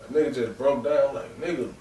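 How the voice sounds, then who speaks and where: A man's voice: mid-range voice, brisk, mellow, slight background noise. A man in his twenties, a podcast host, telling a raw, rambling and emotional personal story with lots of "real talk" and "bro". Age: 20s. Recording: echoey room, distant mic.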